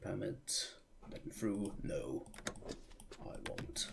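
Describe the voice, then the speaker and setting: Man, gravelly, game streaming, keyboard clicks and faint hiss behind. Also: lowish voice, slow. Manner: thinks aloud, muttering and exclaiming in frustration. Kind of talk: live gameplay commentary.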